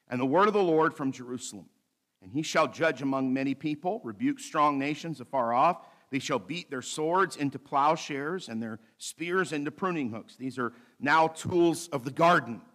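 A male pastor delivering a sermon, reading scripture slowly and adding light asides with a bit of humor. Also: on the high side, fairly bright tone. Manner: preaching with light humor, slows to read scripture aloud.

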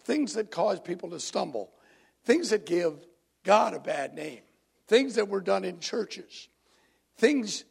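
Husky preacher guy talking with his church, a bit high, chatty and lively. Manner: conversational, drawing in the congregation. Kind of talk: sermon. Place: church congregation.

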